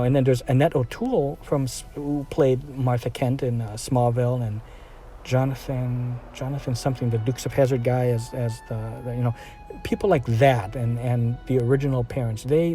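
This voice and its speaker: A man's voice: medium pitch, steady tone, moderate pace, dark tone, soft background music. A man giving a casual, rambling film review, full of fillers, restarts and trailing sentences.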